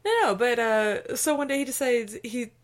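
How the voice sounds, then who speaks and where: A woman co-hosting a podcast, casually telling a personal story in an animated, chatty way. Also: on the high side, normal speed. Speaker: podcast co-host.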